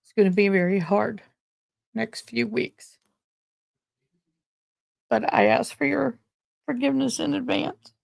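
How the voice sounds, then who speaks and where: A middle-aged woman hosting a casual livestream about court cases, speaking haltingly with many pauses, grieving and close to tears. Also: a little high, lively intonation, vocal fry, a little mellow, no echo. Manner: halting, pausing often with ums. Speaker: courtroom commentary host.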